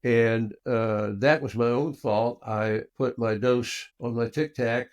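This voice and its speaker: Older guy telling his story on a talk show, mid pitched voice, acts out the back-and-forth with lots of ups and downs. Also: slow. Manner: animated storyteller who acts out dialogue with big swings in pitch and loudness. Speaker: guest. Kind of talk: personal storytelling in an interview.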